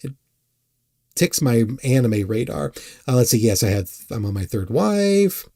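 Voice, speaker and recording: A man casually answering chat on a live stream, rambling and halting, often self-deprecating. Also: medium pitch, very animated, vocal fry, mellow, no room sound, clean studio sound.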